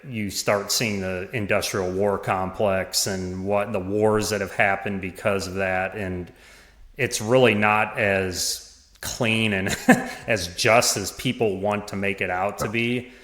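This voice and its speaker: A man talking as a podcast guest, in a halting way with many restarts and small laughs. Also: on the low side, fairly even intonation, fairly bright tone. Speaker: podcast guest, former parish administrator. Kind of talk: casual conversation. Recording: roomy echo.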